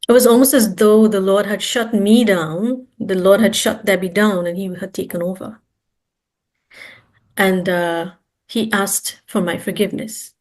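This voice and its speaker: A woman with a mid-pitched voice tells her personal story as an interview guest. She speaks earnestly and emphatically and repeats words to stress them. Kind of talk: personal testimony.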